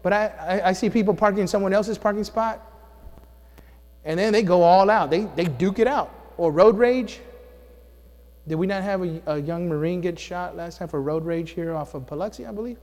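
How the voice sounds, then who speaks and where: A man's voice: sits high, moderate pace, a little mellow. A man preaching a sermon as pastor, emphatic and calling for answers from his congregation in a church. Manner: emphatic, call-and-response with congregation. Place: church sanctuary. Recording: long reverb of a hall.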